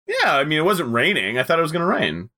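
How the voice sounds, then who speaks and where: Male co-host, sharp bright tone, lively pitch, easy chat. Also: quick pace. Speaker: podcast co-host. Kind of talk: casual chat.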